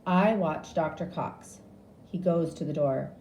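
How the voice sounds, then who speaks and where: Woman narrator for learner audiobook: slow, lively, mellow tone, echoey room. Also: low-pitched, slight background noise. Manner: slow, clear, expressive reading. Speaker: reader. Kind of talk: graded reader audiobook narration. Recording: echoey room with faint ambience.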